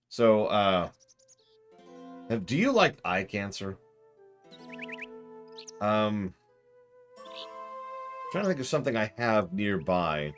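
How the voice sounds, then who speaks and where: Low voiced streamer dude ranting about games, super lively pitch, faint music behind. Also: male voice. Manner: sarcastic, excitable, swears. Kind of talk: casual game stream commentary.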